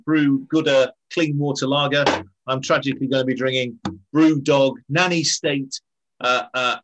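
A man on a video call, telling anecdotes in an animated way as a guest. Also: medium pitch, low-quality recording.

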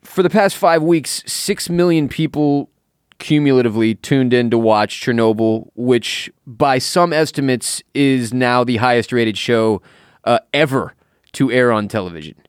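A man's voice: medium pitch, unhurried, clean tone, no echo. A man co-hosting a podcast in a recording studio, loose and joking, who swears casually. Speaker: podcast co-host. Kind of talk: casual chat.

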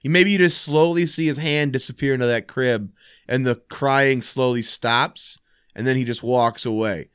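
A man's voice: mid-range voice, moderate pace, a bit bright, clear, resonant tone, dry recording, studio quality. A man in casual, profane, joking chat about horror films, musing at length.

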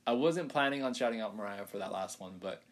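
A man's voice: lowish voice, expressive, fast talker. A young man hosting a casual podcast with his sisters. He talks in a rambling, playful way, with many fillers and laughs. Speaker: podcast host. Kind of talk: casual chat.

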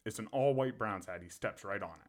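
A man's voice: fairly low pitch, a little fast. A man co-hosting a podcast, telling a story in a casual, profane way and laughing often. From Pennsylvania. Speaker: podcast co-host.

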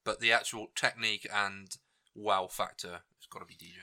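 A man co-hosting a casual podcast, talking things through in a measured way. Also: on the low side, steady tone, vocal fry, sharp tone, no room sound, studio quality. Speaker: podcast co-host.

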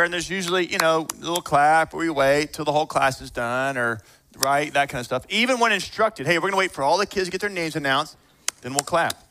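A man preaching a sermon in a conversational way, moving between hushed reflection and fired-up encouragement. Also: high voice. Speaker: pastor.

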